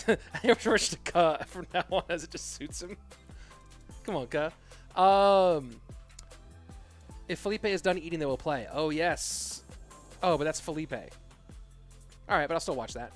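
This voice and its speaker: High-voiced rambling esports caster. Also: male voice. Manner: rambling, self-deprecating, reads chat aloud; bursts into loud excited play-by-play. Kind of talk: casual live-stream commentary and chat reading.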